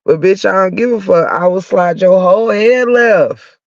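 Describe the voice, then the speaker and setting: This profane comic rant comes from a man whose cold has left him congested, a podcast host swearing bluntly through a heated tale. His voice is high-pitched and moves at a moderate pace, captured dry and dull in lo-fi with no room sound.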